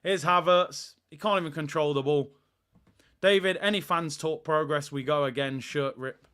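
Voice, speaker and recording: A man hosts a live football watch-along, ranting with exasperation and biting sarcasm. His voice sits fairly high for a man. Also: moderate pace, a bit bright, smooth.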